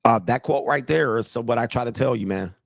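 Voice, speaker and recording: A man's voice: medium pitch, fairly quick, vocal fry. An older man, a dating coach, giving blunt, profane, swaggering commentary as he reacts to videos.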